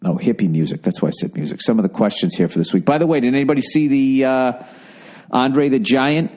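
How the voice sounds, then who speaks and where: A man's voice: medium pitch, a little fast, darkish tone. A man in his forties hosting a solo podcast, talking in a rambling, sarcastic and profane way. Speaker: podcast host. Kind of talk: casual solo podcast monologue.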